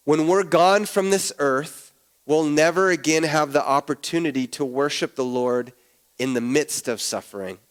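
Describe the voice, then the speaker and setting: A man preaching an earnest sermon as pastor, often dropping low and quiet at the ends of his phrases.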